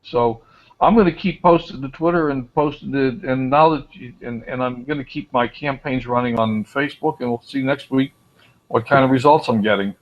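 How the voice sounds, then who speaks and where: A man's voice: medium pitch, moderate pace. A chatty man hosts a small group call. His voice sits mid-range. The audio comes through dull and lo-fi. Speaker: group host. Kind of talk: casual online group chat.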